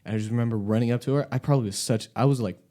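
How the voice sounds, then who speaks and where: A man's voice: mid-range voice, rapid-fire, dark tone. A young man telling a casual, rambling story on a podcast, swearing a lot and laughing often. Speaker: podcast host.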